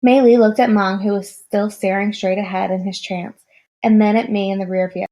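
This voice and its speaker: Woman reader, mid-range voice, steady first-person narration of a novel. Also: medium pitch, moderate pace. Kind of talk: reading a novel aloud.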